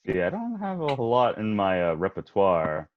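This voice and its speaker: Low-voiced soft-spoken young man. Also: huge pitch swings, normal speed, slight background noise. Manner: soft-spoken, hesitant with many fillers and laughs. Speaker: guest, aspiring voice actor. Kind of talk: casual interview chat. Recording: muffled, lo-fi audio.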